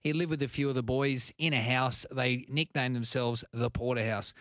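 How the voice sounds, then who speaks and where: A man's voice: medium pitch, steady tone, normal speed, fairly bright tone, no room sound. A man with an Australian accent, co-hosting a sports radio show with dry, wisecracking remarks. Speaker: radio co-host. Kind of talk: casual sports radio banter. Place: radio studio.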